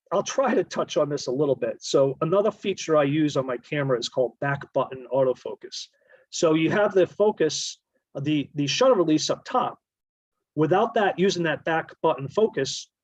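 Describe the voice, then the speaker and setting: Presenting an informal slideshow on bird photography, this man explains things at length, rambling and frequently correcting himself mid-sentence. His voice sits a bit high, and the recording has no room sound and muffled, cut-off highs.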